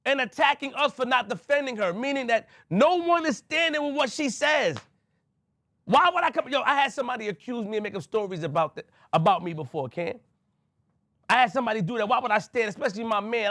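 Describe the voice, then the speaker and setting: A podcast host from Queens, New York, speaks to camera in a high-pitched, somewhat bright voice, addressing someone directly in an emphatic, repetitive way. The audio is studio quality with no room sound.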